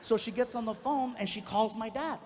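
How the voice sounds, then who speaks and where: A male stand-up comedian telling a long personal story on stage, animated and acting out the other voices. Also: very high voice, fairly quick, a little hiss or hum. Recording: live hall recording with long reverb.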